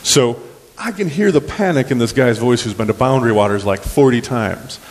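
A man preaching a sermon in a relaxed, folksy, storytelling manner, with plenty of ums and restarts. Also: medium pitch, moderate pace, in a large hall. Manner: folksy, conversational, many fillers and restarts. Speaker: pastor. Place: church sanctuary.

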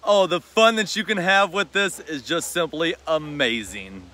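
A man's voice: fairly high pitch, measured pace, sharp tone. A man vlogging outdoors as he trains his dog, playful and laughing often, giving short commands between explanations.

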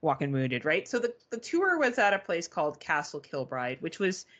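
A woman co-hosting a podcast, telling a story in casual chat, animated and swearing, mimicking beeps. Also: sits low, moderate pace, muffled recording. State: arm in a sling. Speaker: podcast co-host.

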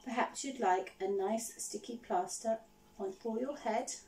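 A woman voicing a kind little girl who soothes with gentle offers, heard from some distance from the mic. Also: a little high, unhurried, roomy sound. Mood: caring.

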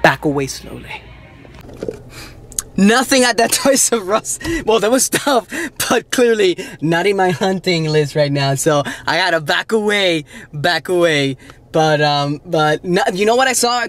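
A man in his thirties vlogging while toy hunting, talking to himself in stores and his car, excitable and given to muttering and Spanish exclamations. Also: fairly high pitch. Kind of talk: casual self-talk vlog.

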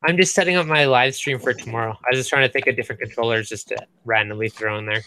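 A man's voice: medium pitch, fast talker, pushed and bright, a little hiss or hum. A man chatting casually on a live stream call, playful and fond of mimicking accents. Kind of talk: casual group chat.

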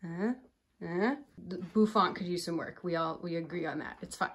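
A woman's voice: lowish voice, moderate pace, a little hiss or hum. Playful self-mocking woman vlogger. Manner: chatty with bursts of laughter. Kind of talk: casual get-ready-with-me chat.

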